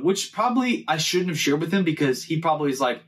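Man, podcast host, casual storytelling, animated, slightly high voice. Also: fast, hardly any pauses. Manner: animated, laughs through his own mishap story.

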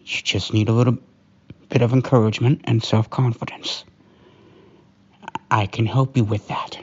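A man doing a comforting partner role-play, talking softly and slowly in a hushed, soothing way. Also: medium pitch, fairly even intonation, highs cut off, a little hiss or hum. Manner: soft, hushed, soothing and slow. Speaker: storyteller.

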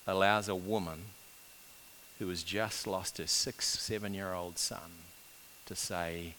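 A man preaching a sermon, swinging between loud urgent build-ups and hushed, quiet passages. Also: low voice, steady tone, slow pace, slight background noise. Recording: long reverb of a large hall.

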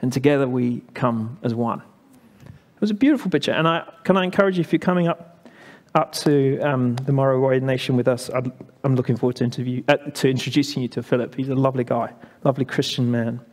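An English man giving a sermon as pastor, telling a story in a chatty, halting way with many fillers. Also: mid-range voice, steady tone, darkish tone, long reverb tail. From England.

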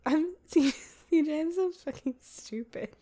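A woman's voice: high-pitched, measured pace, warm tone. A woman co-hosting a casual podcast chat, rambling and often breaking into laughter. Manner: giggly, rambling, frequent laughter. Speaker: podcast co-host.

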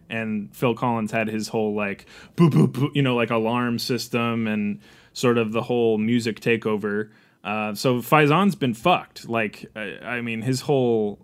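A man's voice: mid-range voice, natural voice. A man playing Tarzan's grown son, a would-be assassin, in an improvised comedy podcast, joking and dropping into a silly mock-English accent.

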